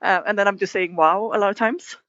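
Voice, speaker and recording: A woman's voice: medium pitch, steady tone, fairly quick, fairly bright tone, dry recording. A woman guest in an interview, telling a story with animation and acting out quoted lines. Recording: dull, dry sound.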